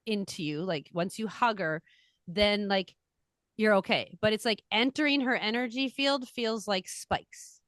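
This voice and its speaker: A middle-aged woman chatting on a podcast, telling a story with lively swings in her voice and playing the parts of the people in it. Her voice sounds close and dry, with no room around it. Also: mid-range voice, measured pace, no echo. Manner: animated storytelling, acts out quoted voices. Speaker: podcast co-host. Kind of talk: casual chat.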